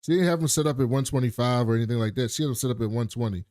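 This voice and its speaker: A man with a medium-pitched voice talks at a racing clip, recorded cleanly in a studio with no room sound. He's a co-host on a casual podcast, recapping a TV episode in an animated way and acting out the characters' lines with plenty of swearing.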